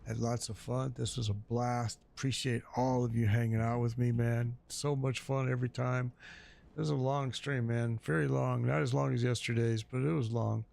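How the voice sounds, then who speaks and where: A man streaming a game, chatting casually with viewers in a relaxed, repetitive way, his voice going a bit hoarse. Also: medium pitch, moderate pace. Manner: laid-back, repeats himself, chats to viewers. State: losing his voice. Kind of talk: casual live-stream chat.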